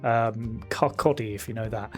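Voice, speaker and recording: A man's voice: a little high, lively intonation, faint music behind. A man from England with a London accent, chatting casually as a co-host and laughing often. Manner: laughing, chatty, drawn-out asides. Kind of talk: casual chat.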